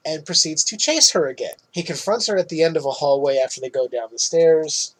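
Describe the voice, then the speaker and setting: A man's voice: a little high, animated, a little fast, low-quality recording. A man podcast co-host recapping a film in casual chat, loose and swearing, laughing often.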